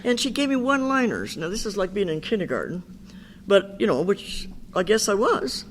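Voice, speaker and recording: A woman's voice: medium pitch, sing-song, moderate pace. Older woman, candid recovery-meeting speaker, chatty storyteller, faint background hiss. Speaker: Al-Anon speaker. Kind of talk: personal recovery talk.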